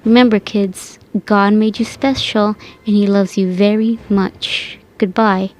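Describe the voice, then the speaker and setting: A man's voice: high-pitched, level tone, a little slow, rough recording. A woman voicing a sad male cartoon cucumber as he addresses children directly.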